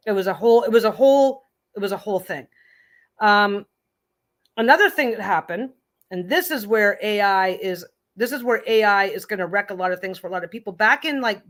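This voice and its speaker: A woman's voice: mid-range voice, fairly bright tone. A woman in her fifties, a host, telling stories in a casual chat, blunt and profane, with many restarts. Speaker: podcast host.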